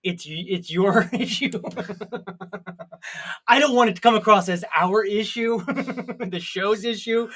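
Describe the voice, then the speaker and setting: A man's voice: sits high, a little slow, a bit bright. A man co-hosting a casual crypto chat show, teasing his partner and laughing often. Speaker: podcast co-host.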